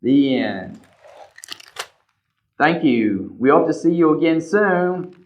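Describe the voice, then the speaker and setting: A man reading a picture book aloud to children as a librarian, animated, pointing out the pictures and asking questions. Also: fairly high pitch, slow, slight background noise. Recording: slightly dull lo-fi recording.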